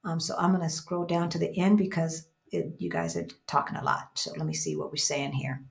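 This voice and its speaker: A woman's voice: low voice, big pitch swings, fairly quick, gravelly. Reflective woman in her fifties chatting. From United States. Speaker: livestream co-host. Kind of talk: casual chat, reading viewer comments.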